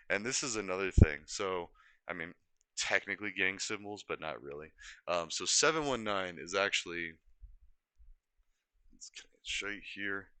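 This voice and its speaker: A man's voice: on the low side, sharp tone, no room sound. A young man from Colorado chatting casually on a live stream, rambling and easily sidetracked as he corrects himself. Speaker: livestreamer.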